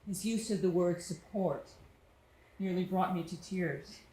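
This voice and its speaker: A woman's voice: fairly low pitch, unhurried, mellow. A woman performing a solo storytelling monologue on stage, tender and reflective, lingering on her words. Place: small studio theater stage. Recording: echoey theater room.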